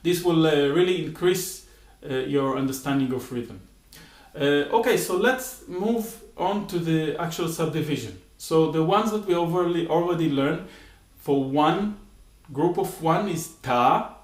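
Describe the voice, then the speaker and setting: Unhurried and fairly high-pitched, a male music teacher leads a spoken rhythm lesson in an echoey room, singing syllables as demonstrations. He is patient and goes step by step, regularly dropping in "uh" and asking "okay?".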